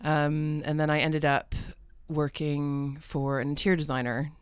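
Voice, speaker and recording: A woman's voice: low voice, level tone, measured pace, clear, resonant tone, no echo. A woman from the United States with a mixed American and British accent, a podcast guest telling her story in a chatty, rambling way with many fillers, in a podcast studio. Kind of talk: conversational interview.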